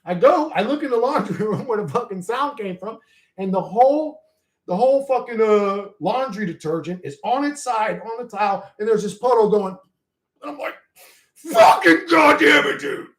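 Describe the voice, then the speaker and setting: A man's voice: high voice, normal speed. A man hosting his own channel, telling a rambling story in casual chat, swearing heavily and getting worked up in bursts. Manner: excitable, rising and falling in bursts. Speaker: channel host.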